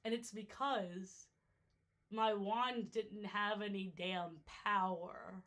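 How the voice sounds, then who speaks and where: A young New York woman streaming live chats casually while ranking water parks, joking and getting sidetracked easily. Her voice is medium-pitched, steady, fairly bright, slow, and a little worn out.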